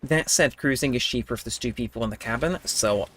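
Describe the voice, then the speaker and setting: A man's voice: medium pitch, fast, a bit bright, slight background noise. A young man with a cold coming on, livestreaming a game and rambling casually to his chat while laughing often. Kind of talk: casual live-stream chat while gaming.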